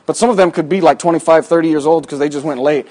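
A man's voice: fairly high pitch, quick pace, warm tone. A man preaching a sermon, telling a personal story in a folksy, rambling way with many fillers, in a church. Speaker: pastor.

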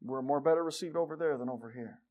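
A middle-aged man preaching a sermon in a church, emphatic and exhorting, with lively stories and asides. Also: mid-range voice, fast talker, narrow, tinny audio. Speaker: pastor. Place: church sanctuary.

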